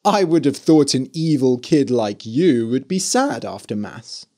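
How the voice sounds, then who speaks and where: A man's voice: mid-range voice, big pitch swings, unhurried, dark tone. A man voicing a devout father who speaks firmly and seriously. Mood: stern.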